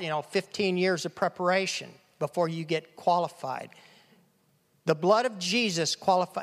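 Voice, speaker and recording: A man preaching a sermon as a pastor, acting out quoted voices and repeating phrases for emphasis. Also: high voice. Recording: long hall reverb.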